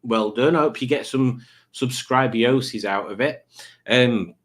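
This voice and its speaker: A man hosts a relaxed live stream, chatting through viewer comments in a rambling, joking way. He talks at a middle pitch and often trips over his own sentences before starting them again. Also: unhurried. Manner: rambling, jokey, waffling with many restarts.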